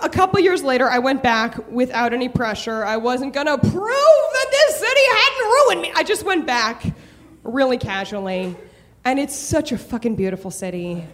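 Profane woman telling a stage story. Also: high-pitched. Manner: candid, profane, builds to comic shouting rants.

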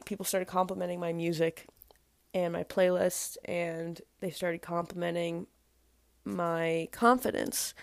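A woman's voice: fairly low pitch, gravelly, dry recording, clean studio sound. An eighteen-year-old woman, a spin instructor, telling a casual story with lots of "like" and restarts.

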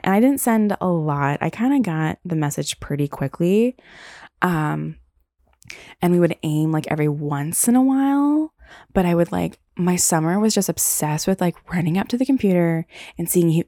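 Gravelly, low-voiced young woman rambling. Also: dark tone, no echo, studio quality. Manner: rambling, heavy use of "like", candid and profane. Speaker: podcast host. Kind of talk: casual storytelling.

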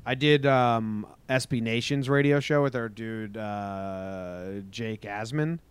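A man's voice: fairly low pitch, slow pace, smooth. A man co-hosting a podcast, chatting loosely and joking as he reads odd news headlines. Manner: loose, joking, swears casually. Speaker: podcast co-host. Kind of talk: casual podcast chat and news rundown.

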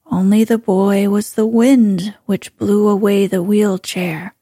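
Stern old uncle read by a woman, whispered role-play, curt and mellow. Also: mid-range voice, steady tone, slow, husky, dry recording, clean studio sound.

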